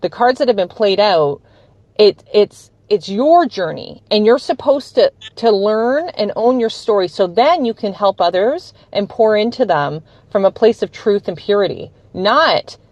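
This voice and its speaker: Woman podcast host, enthusiastic casual chat, bright up-and-down pitch, dull dry sound. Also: expressive, measured pace, dry recording. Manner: enthusiastic, laughs often, acts out quoted voices. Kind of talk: casual conversation.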